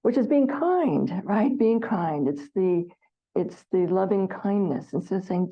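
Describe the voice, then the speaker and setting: A woman leading a meditation class, speaking gently and reflectively and acting out the inner voices of her students. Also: mid-range voice, lively intonation, moderate pace. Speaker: meditation teacher. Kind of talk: dharma class talk. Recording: dull lo-fi recording.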